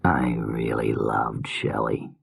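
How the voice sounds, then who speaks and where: A man's voice: a bass voice, level tone, takes it slowly, gravelly, breathy edge, no echo, voice pushed down, full character voice. A man voicing an unhinged, weary male killer filmmaker in a slurred whisper, as whispered role-play in an audiobook.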